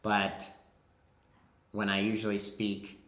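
A man's voice: lowish voice, monotone, takes it slowly, a bit bright. A man from southern Wisconsin with a Wisconsin accent and a nasal voice, who tends to mumble a little as he reads aloud and chats about himself. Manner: slightly mumbling. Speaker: theater actor. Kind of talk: reading aloud and casual personal talk. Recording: roomy echo.

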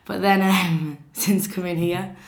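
A young woman with a Lancashire accent talks loosely about where she grew up. Her voice sits low and relaxed, full of little fillers. The bare room gives it a clear echo. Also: slow. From Burnley, northern England. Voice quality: chatty, many fillers and hedges. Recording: echoey room.

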